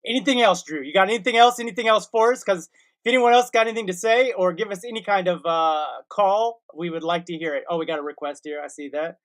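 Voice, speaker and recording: A man's voice: high-pitched, fast, fairly bright tone. Male host, casual, self-mocking, laughs often. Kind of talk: casual chat.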